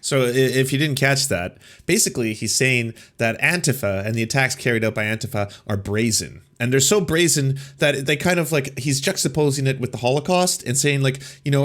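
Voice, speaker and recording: A male host talking over clips he is reacting to. He is sarcastic and mocking, and his voice sits at an ordinary middle pitch. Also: lively intonation, moderate pace, few pauses, a bit bright. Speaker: political commentary host.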